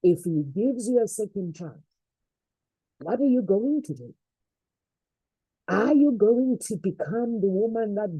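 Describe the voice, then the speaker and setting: A woman's voice: medium pitch, animated, unhurried, pauses often, dark tone, slightly rough, no echo, poor audio. A woman giving an earnest, faith-based motivational talk, repeating phrases for emphasis. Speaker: motivational speaker.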